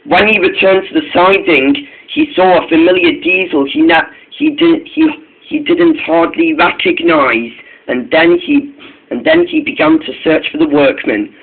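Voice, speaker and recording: A man's voice: sits high, wildly swooping pitch, creaky, breathy edge. A man reading a homemade train story aloud, stumbling and restarting his phrases. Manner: halting, frequent restarts and repeated phrases. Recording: tinny phone-like recording.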